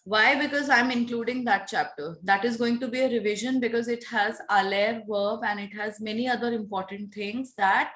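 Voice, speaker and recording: A woman teaching a French class over a video call, drilling pronunciation slowly and patiently. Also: a little high, fairly bright tone. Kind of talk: online class lesson.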